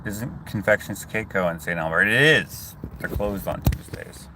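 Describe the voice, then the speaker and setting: A man from Canada rambles casually into his phone from inside a car and keeps cutting himself off mid-thought. His voice sits on the low side. A faint hum of car noise sits underneath. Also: normal speed. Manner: rambling, chatty, self-interrupting. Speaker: vlogger. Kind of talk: casual chat reading viewer comments.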